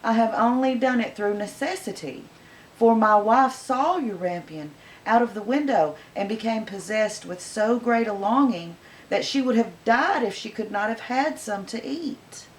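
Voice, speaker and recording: A woman's voice: fairly high pitch, a little slow, reverberant, far from the mic, slight background noise, pitched above the performer's own voice, close to an everyday voice, poor audio. A woman reading a storybook aloud, voicing a frightened husband who pleads for mercy. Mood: pleading.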